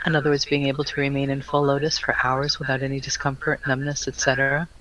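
A man reading out questions to a teacher in a plain, even manner. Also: mid-range voice, fast talker, low-quality recording. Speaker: question reader.

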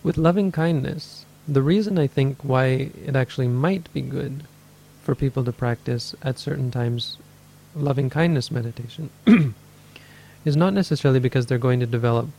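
A man's voice: mid-range voice, moderate pace, creaky, mellow. A man giving a meditation talk, thinking aloud, correcting himself and acting out people's inner voices. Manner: thoughtful, self-correcting, acts out inner voices. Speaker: meditation teacher. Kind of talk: dharma talk answering questions.

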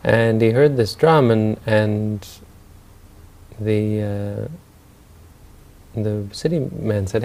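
Brief: male storyteller, dark gravelly voice, relaxed and unscripted. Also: fairly low pitch, drawn-out words, pauses often. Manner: loose, with fillers and restarts. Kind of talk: spoken storytelling talk.

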